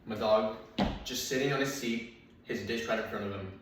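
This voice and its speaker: A man's voice: on the low side, normal speed. A man doing stand-up, telling rambling anecdotes full of fillers and restarts. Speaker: stand-up comedian. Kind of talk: stand-up storytelling. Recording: very echoey room, mic far off, faint noise.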